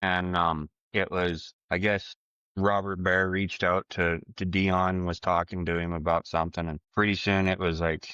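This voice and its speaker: A man, an arm wrestler being interviewed, telling a story in a casual, animated way and acting out the voices he quotes. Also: low voice, moderate pace, clear, resonant tone, no room sound, highs cut off.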